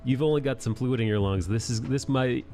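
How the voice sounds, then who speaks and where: A man's voice: mid-range voice, brisk, mellow, faint music behind, pitched above the performer's own voice, close to an everyday voice. A man voicing a folksy male doctor who cheerfully warns a patient about a medicine, in a chummy, offhand way. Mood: breezy.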